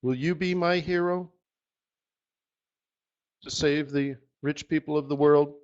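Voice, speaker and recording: Hosting a live trading strategy session, a forex market strategist speaks in a fairly high voice at a slow pace. His talk rambles like an animated pep talk to his audience, and the audio is dull and lo-fi, like a muffled web stream.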